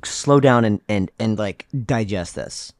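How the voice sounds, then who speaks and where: A man's voice: fairly low pitch, expressive, measured pace, a little mellow, no room sound. A man hosting a podcast, casually interviewing his guest and cutting in with short reactions and questions. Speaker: podcast host.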